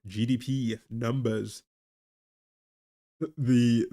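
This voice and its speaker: A man's voice: lowish voice, darkish tone. Tired Geordie man chatting on stream. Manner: laughing, rambling, talks to chat and a pet. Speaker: streamer discussing economics. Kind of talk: casual live-stream chat.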